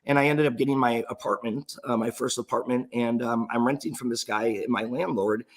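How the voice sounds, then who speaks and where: Husky-voiced man telling an earnest story. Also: mid-range voice, steady tone, brisk. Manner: earnest, emotional storytelling with frequent restarts. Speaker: entrepreneur sharing his story. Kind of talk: motivational personal story talk.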